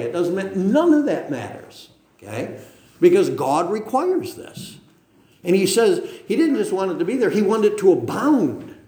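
A man's voice: a little high, dark tone. A middle-aged man preaching a sermon as pastor, emphatic, firing rhetorical questions and tagging points with "okay?". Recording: very echoey room.

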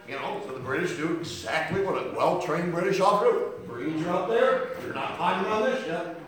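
A man preaching a sermon in a high voice, building his story from hushed lines to shouts. He is heard from across a church with heavy echo. A faint hiss sits under the recording. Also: animated, fairly quick, far from the mic. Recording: echoey hall picked up from afar.

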